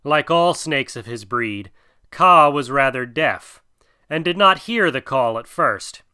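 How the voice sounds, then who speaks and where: A man narrating a classic tale as an audiobook in a measured, expressive reading. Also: mid-range voice, smooth.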